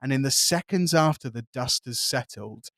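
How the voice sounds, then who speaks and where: A man with an English accent narrating as game master, describing the scene with lively detail and frequent laughs. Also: medium pitch, moderate pace, dry recording, clean studio sound.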